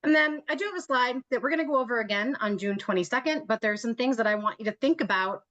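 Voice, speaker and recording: A woman's voice: a little high, expressive, fast talker, fairly bright tone, muffled recording. A woman leading an online trip-planning meeting over a video call, chatty and joking, laughing often as she talks. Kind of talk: casual meeting talk.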